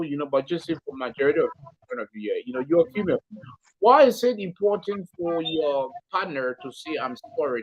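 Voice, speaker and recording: Hesitant talk-show host with a high voice. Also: male voice, dull audio, slight background noise. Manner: halting, hesitant phrasing. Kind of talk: radio call-in show hosting.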